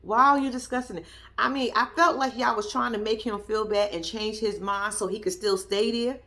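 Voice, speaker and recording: A woman's voice: on the high side, fairly even intonation, moderate pace, sharp tone. A woman giving blunt, profane reaction commentary on a reality show, talking straight at the people in it with sass and disbelief. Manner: blunt, profane, sassy, argues at the people she discusses. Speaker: show reviewer.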